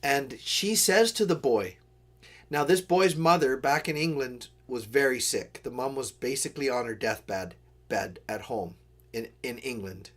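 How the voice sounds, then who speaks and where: A man's voice: mid-range voice, unhurried, fairly bright tone. A man hosting a live stream, telling a story in a casual, earnest way with digressions and apologetic asides. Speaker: livestream host.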